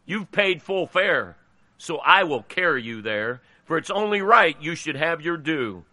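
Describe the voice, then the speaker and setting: A gloating, mocking devil, read out by a male preacher in his own bright voice. He taunts his doomed passengers with steady, forceful relish. The sound is close and dry. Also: fairly high pitch, a little slow, no room sound, heavily acted.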